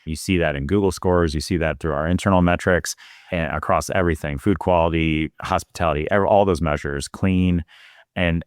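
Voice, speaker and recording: A man's voice: deep voice, smooth, no room sound, clean studio sound. A man speaking as a marketing executive guest in an interview, explaining at length in an earnest, casual way with many "you know"s. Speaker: guest, restaurant chain marketing chief.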